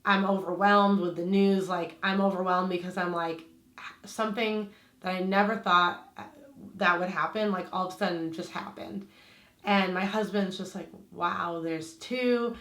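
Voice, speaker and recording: Speaking to camera at normal speed, this woman shares a personal story in a chatty vlog style loaded with "like." Her fairly low, steady voice is a bit bright, carries a slight lisp from aligner trays, and echoes in the room.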